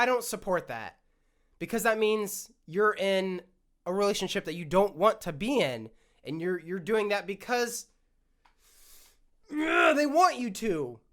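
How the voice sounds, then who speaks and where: A young man vents alone into his podcast mic, worked up and swearing as he goes. His throat is scratchy, giving the rant a rough edge. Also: high-pitched, pushed and bright. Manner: worked-up, ranting, swears often. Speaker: podcast host. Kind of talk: solo ranting monologue.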